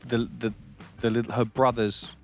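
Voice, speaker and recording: A man's voice: mid-range voice, moderate pace, faint music behind. A man hosting a comedy radio show, telling an anecdote in bantering chat with frequent laughter. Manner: animated storytelling, frequent laughs.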